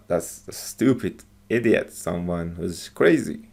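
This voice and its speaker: Slow, gravelly, hesitant male teacher. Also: fairly low pitch, lively intonation. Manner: hesitant, halting, many fillers and restarts. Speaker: English teacher. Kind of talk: explaining English phrases from film clips.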